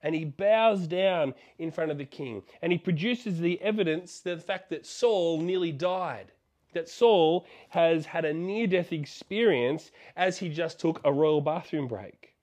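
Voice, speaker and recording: A man with a slightly high voice retells a Bible story in a sermon. He tells it in an animated way and throws out rhetorical questions to his listeners. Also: measured pace. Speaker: preacher.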